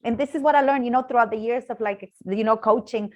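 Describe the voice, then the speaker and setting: A woman's voice: steady tone, very fast, dull audio. Candid woman guest telling her story. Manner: candid, storytelling, often drops to a soft low voice. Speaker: guest, mentor and coach. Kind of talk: casual interview chat.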